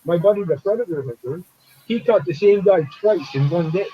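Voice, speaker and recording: A man's voice: high-pitched, expressive, moderate pace, dull audio, slight background noise. Blunt, swearing man on a call. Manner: blunt, swears, acts out quoted people. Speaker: show host. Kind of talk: casual live-stream chat.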